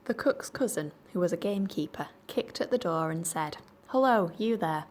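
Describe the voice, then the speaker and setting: A woman reading a children's storybook aloud in clear, measured narration. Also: fairly low pitch, animated, slight background noise. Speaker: library storyteller.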